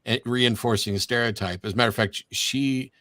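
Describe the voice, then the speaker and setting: A man who is a guest on a livestream chat over a video call, telling a story in a measured way with dry wit. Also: mid-range voice, bright, forceful tone, no echo.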